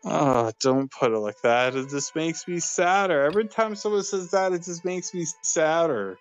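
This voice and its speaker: A man's voice: a little high, normal speed, smooth, soft background music. A man chatting casually on a late-night stream, laid-back, rambling and often restarting his sentences. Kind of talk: casual chat.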